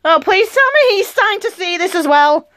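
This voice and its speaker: A young woman reading an interactive story game aloud and chatting through it with animated, giggly asides. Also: extremely high pitch, normal speed. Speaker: let's play reader.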